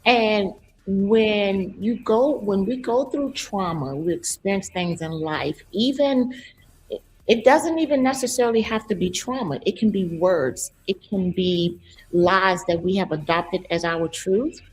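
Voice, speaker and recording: A woman's voice: medium pitch, unhurried, a little hiss or hum, rough recording. A woman hosting an interview as a coach over a video call. She speaks in an affirming way and keeps murmuring agreement. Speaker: host and coach. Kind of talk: casual interview chat.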